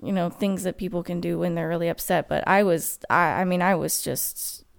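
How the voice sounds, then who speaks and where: A young woman telling a personal story to her viewers, emotional and halting, with many restarts and fillers. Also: lowish voice, fairly even intonation, creaky.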